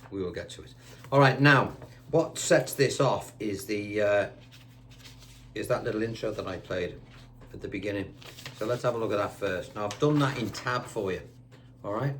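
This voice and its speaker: A man's voice: lowish voice, normal speed, a bit bright. A man teaching a guitar lesson, chatty and reassuring, counting notes aloud while seated indoors. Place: indoors, seated on a squeaky chair.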